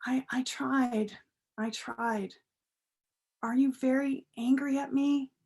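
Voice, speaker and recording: A small, earnest boy full of questions, as a woman puts him on. He pleads in a higher, louder voice. The voice is slow and careful, as in a storybook read aloud. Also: steady tone, slightly rough, heavily acted. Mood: worried. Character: young boy, curious, pleading, fond of mud.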